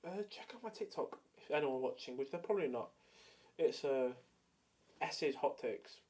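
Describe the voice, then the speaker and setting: A man's voice: medium pitch, lively intonation, moderate pace, darkish tone, breathy edge. A young man in casual solo commentary, rambling with many fillers and jokey hot takes. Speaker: video creator ranking films.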